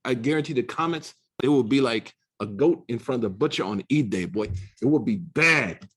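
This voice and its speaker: An American man giving a casual classroom lecture on religious texts, animated and slangy, switching into quick recitation. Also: mid-range voice, slightly rough. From United States. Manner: fast, slangy, animated storytelling with Arabic recitation. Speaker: Islamic studies teacher. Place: university classroom.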